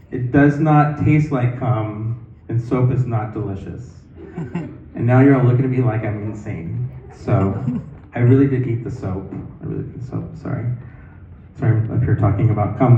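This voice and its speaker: A man's voice: mid-range voice, mellow, slight background noise. A man in his fifties doing rambling open-mic stand-up with lots of fillers and restarts. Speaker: stand-up comic. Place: comedy club stage. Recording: distant, roomy, tinny phone-like recording.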